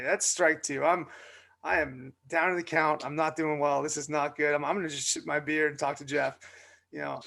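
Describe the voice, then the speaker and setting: A young man spins an animated story on a casual podcast. His voice sits a little high, and it has a gravelly fry. He leans on fillers and restarts as he talks. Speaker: podcast co-host.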